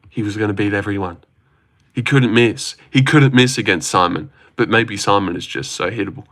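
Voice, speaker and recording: Reacting to fights on a casual livestream, a man rambles and swears freely while reading out and answering chat messages. His voice is lowish and fairly bright.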